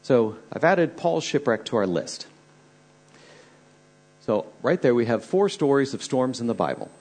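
Male pastor, husky, earnest storyteller preaching a sermon. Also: medium pitch, very animated, unhurried, a little mellow.

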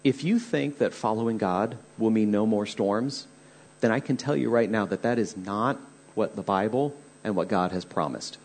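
A male pastor with a husky, slightly breathy voice at a middle pitch delivers a sermon. He tells the Bible stories with earnest drama, and his voice swells and drops as the stories build. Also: moderate pace, a little mellow.

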